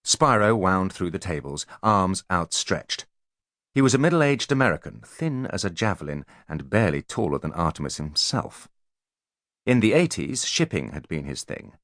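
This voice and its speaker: Deep-voiced expressive male narrator. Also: moderate pace, no echo, studio quality. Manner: expressive storytelling. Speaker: audiobook narrator. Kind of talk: scripted narration.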